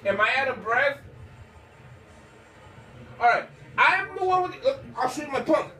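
A man with a very high voice rants playfully and keeps repeating his point. He sounds off-mic in an echoey room. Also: moderate pace, far from the mic. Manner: animated, teasing, repeats himself. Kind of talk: joking rant to the camera.

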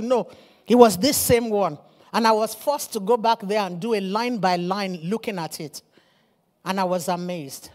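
A woman preaching a fiery sermon, repeating her phrases and rising to shouts. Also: mid-range voice, normal speed. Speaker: apostle preaching.

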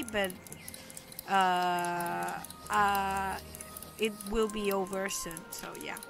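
Chatty, hesitant woman playing a game. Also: mid-range voice. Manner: chatty, hesitant, with many ums and self-deprecating remarks. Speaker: let's play host. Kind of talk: casual game commentary.

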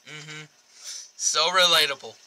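A man's voice: a little high, steady tone, a little slow, bright, forceful tone, low-quality recording. A man from the United States hosting a casual reaction chat, amused and joking. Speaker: reaction channel host.

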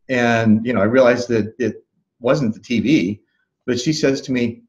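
A man being interviewed as a life coach, recounting a memory in a calm, thoughtful way with soft laughs and restarts. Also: medium pitch, a little slow, lo-fi sound. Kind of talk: reflective interview storytelling.

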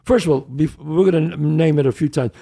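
A man hosting a casual interview, chatting with quick reactions and questions. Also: a little high, steady tone, vocal fry, mellow, slightly rough. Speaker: talk show host.

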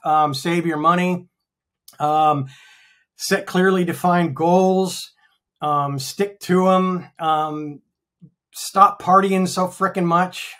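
A man's voice: on the high side, fairly bright tone. Rambling fifty-year-old American man. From United States. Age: 50s. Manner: rambling, frank, swears freely, many ums. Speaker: actor guest. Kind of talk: casual interview chat.

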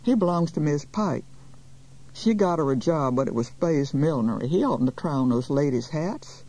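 A woman's voice: low voice, lively intonation, normal speed, mellow, poor audio. A woman voicing a gossipy, talkative beautician with a folksy Southern accent. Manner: chatty, folksy, drawling.

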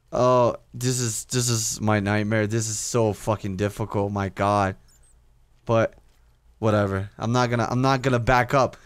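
A man's voice: medium pitch, flat delivery, a little slow, dry recording. A young man commentating his own game play, talking to himself, swearing often and repeating words when he panics. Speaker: gaming YouTuber. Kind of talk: casual let's-play commentary.

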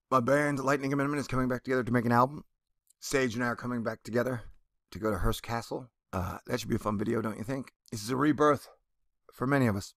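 Gravelly sarcastic man hosting a vlog. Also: medium pitch, a bit bright, no echo, studio quality. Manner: sarcastic, joking asides; reads article passages aloud and mocks them. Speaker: news commentary host. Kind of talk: casual comedic commentary.

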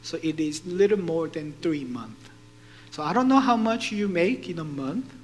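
High, lively-voiced male pastor. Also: a little hiss or hum, poor audio. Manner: animated, rhetorical questions to the congregation. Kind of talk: sermon.

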